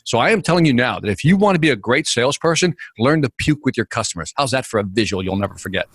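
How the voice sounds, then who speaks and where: A man telling sales stories in an interview, energetic and acting out quotes and scenes, with a husky voice. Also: mid-range voice, fast talker, dry recording. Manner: energetic, acts out quotes and scenes, drops voice for dialogue. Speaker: sales speaker, interview guest. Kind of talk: animated storytelling in a podcast interview.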